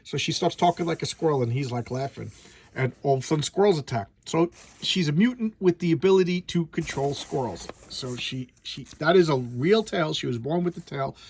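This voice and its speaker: A man's voice: a little high, animated, fairly quick, a little mellow, breathy edge. A man reviewing an old comic book in a casual, blunt, rambling way, often restarting his sentences.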